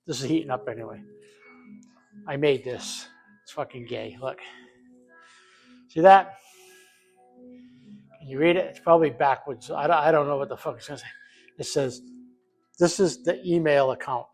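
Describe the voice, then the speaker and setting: Brief: older male vlog host, gravelly and a touch high-pitched, profane and jokey home-kitchen chatter. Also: moderate pace, pauses often, darkish tone, faint music behind. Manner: profane, joking, off the cuff. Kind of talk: casual cooking vlog.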